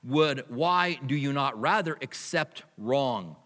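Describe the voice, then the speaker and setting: Bright-voiced male pastor preaching in a hall. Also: mid-range voice, expressive, slow pace. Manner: conversational preaching with personal stories. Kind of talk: sermon.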